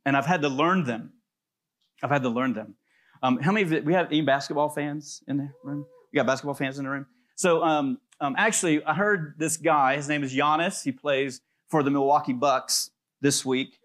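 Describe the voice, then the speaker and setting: A pastor preaching a sermon in a loose, conversational way, telling stories with plenty of fillers. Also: male voice, a little high, moderate pace, a bit bright. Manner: conversational storytelling with many fillers.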